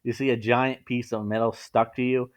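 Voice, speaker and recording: A man's voice: medium pitch, flat delivery, moderate pace. A man reading a fan fiction story aloud in a casual way, stumbling over words now and then. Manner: casual, stumbling, laughs at the text.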